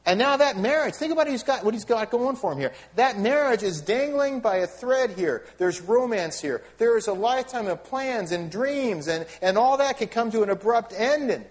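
A middle-aged man delivers a sermon in a chatty, animated style, throwing rhetorical questions and wry asides at his listeners. His voice sits fairly high for a man and swings widely in pitch, rising and falling as he preaches. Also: moderate pace, few pauses. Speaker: pastor.

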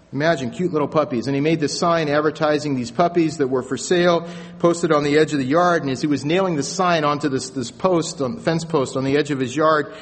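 High-voiced pastor in a reverberant church. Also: male voice. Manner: conversational storytelling with frequent restarts. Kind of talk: sermon. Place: church sanctuary. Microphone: stage microphone with sound booth.

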